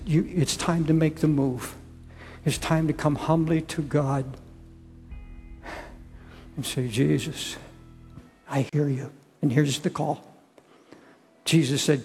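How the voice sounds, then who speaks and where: An older man preaching a sermon, pleading slowly and repeating words as he appeals to listeners. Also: on the high side, fairly even intonation, vocal fry, darkish tone, husky, long reverb tail, soft background music.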